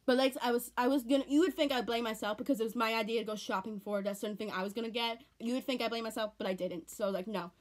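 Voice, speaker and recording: A teenage girl vlogs casually at home, her rather high voice quick and fairly even, with few pauses. She rambles and repeats herself earnestly, tearful and close to crying.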